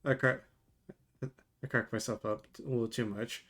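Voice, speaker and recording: A man's voice: mid-range voice, fairly even intonation, moderate pace, fairly bright tone. A man streaming live while drinking, chatting casually to his chat, laughing often, swearing and rambling with many restarts. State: drunk.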